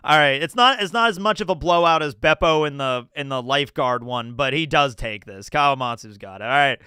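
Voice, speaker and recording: A man's voice: medium pitch, fairly quick, sharp tone, clean tone, dry recording, clean studio sound. A man streaming live, rambling through casual commentary, swearing and laughing as he goes.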